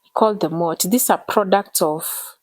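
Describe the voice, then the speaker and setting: A woman, telling her personal story in an emotional, animated way as an interview guest. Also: on the low side, normal speed, poor audio. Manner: earnest, animated retelling with code-switching.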